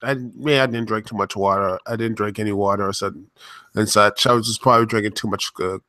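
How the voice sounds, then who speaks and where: A man's voice: fairly low pitch, fairly even intonation, quick pace, pushed and bright. A man hosting a casual podcast chat, rambling with lots of ums and restarts. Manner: rambling, many fillers and restarts.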